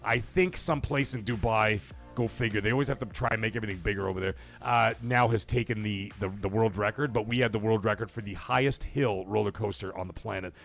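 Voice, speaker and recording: A middle-aged man from Canada hosting a live gaming stream, telling stories in a rambling way, cursing freely and getting loud when he is excited. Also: on the low side, quick pace, gravelly, soft background music. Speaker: livestream host. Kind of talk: casual live-stream chat.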